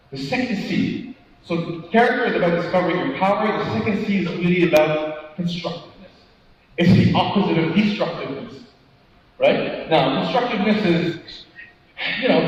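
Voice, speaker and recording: A man's voice: high voice, a little hiss or hum. A male motivational speaker gives an interactive conference talk, quizzing the audience, tagging on "right?" and acting out anecdotes with quoted dialogue. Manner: engaging, keeps asking the audience questions and tagging "right?". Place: large conference hall. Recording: echoey hall from far off, dull sound.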